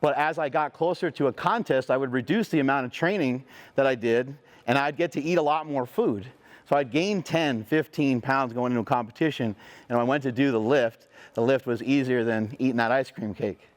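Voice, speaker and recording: A middle-aged man giving a motivational speech, telling a personal story in a profane, animated way. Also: mid-range voice, a little fast. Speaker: motivational speaker.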